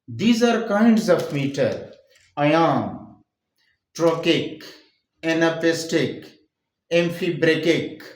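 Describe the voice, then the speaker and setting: A man with a Pakistani English accent lectures on poetry at an unhurried pace, going over each term step by step and repeating it. His voice sits high and swings widely in pitch. The recording carries a roomy echo. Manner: repeats key phrases, explains step by step. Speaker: English teacher. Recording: echoey room.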